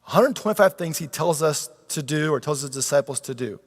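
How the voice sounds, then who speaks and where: Brief: male pastor, sermon delivery, slightly high voice, lively, long hall reverb. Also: a little fast. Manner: animated, acts out quoted pleas with rising pitch.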